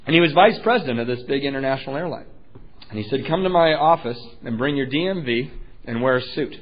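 A man telling his own recovery story at a meeting, animated and self-mocking, often laughing at himself. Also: medium pitch, quick pace. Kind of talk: personal storytelling talk. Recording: muffled lo-fi recording.

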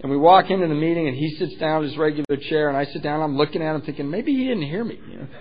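Man, heartfelt recovery testimony, slightly high voice, dull lo-fi sound. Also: flat delivery, very fast. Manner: candid, heartfelt, self-mocking, swings between hushed and loud. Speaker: speaker sharing a recovery story. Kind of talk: personal testimony talk.

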